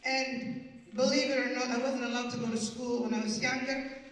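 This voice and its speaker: A Canadian woman in her fifties does live stand-up storytelling at a community event hall, wry and punchy, playing with words and accents. Her voice is a little high with fairly even intonation and a moderate pace. The recording is echoey and distant, with slight background noise.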